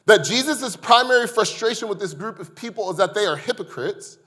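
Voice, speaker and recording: A male pastor preaching a sermon in a casual, conversational way, swinging between loud, emphatic passages and quiet, hushed asides. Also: high-pitched, animated, fairly quick, few pauses.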